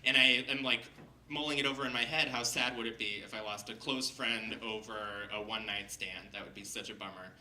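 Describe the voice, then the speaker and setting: A man telling a funny personal story on stage to a live audience, lively and laughing as he goes, acting out the people he quotes. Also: mid-range voice, a little fast, roomy sound, far from the mic, slight background noise, rough recording. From Seattle. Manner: animated, laughing, acts out quoted voices.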